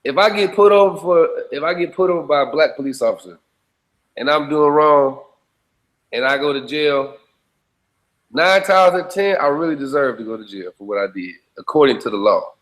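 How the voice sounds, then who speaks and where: A man with a somewhat high-pitched voice talks in a loose, conversational interview. He is blunt and profane, pressing his points hard and often turning to his listener to check they are with him. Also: lively intonation, normal speed, fairly bright tone, low-quality recording. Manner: blunt, profane, emphatic street talk; repeats checking phrases to the listener. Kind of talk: casual conversation.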